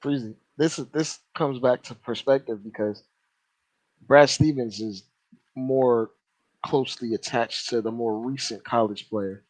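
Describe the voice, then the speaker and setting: A man co-hosting a casual sports podcast, making his points in measured tones. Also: mid-range voice, a little mellow, dry recording, low-quality recording. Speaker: podcast co-host.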